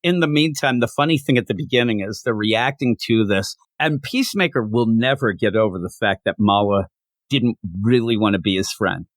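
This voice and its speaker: A man in casual chat, retelling a comic book's plot and now and then acting out the characters' lines with big jumps in pitch. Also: moderate pace, dry recording. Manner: animated, acts out quotes with big pitch jumps. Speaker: comic book reviewer, co-host.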